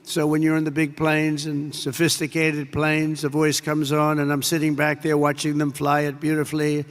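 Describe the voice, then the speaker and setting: An older man, a public speaker, gives an unscripted speech packed with rambling, wandering anecdotes and repeated superlatives. His voice sits on the high side, and he speaks at a moderate pace with an entirely flat delivery. The recording echoes as if in a large hall.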